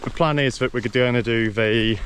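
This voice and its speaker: A man's voice: medium pitch, normal speed, fairly bright tone, a little hiss or hum. Chatty man vlogging on a walking trail. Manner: chatty, easygoing, lots of ums and restarts. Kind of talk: casual walking vlog commentary. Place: outdoors on a rural trail.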